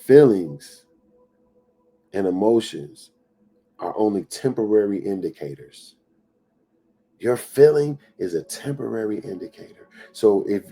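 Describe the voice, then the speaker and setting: Motivational speaker, man, middle-aged, warm husky tone, emphatic and repetitive delivery. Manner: drops to a low whisper acting out inner doubts. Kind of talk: motivational talk.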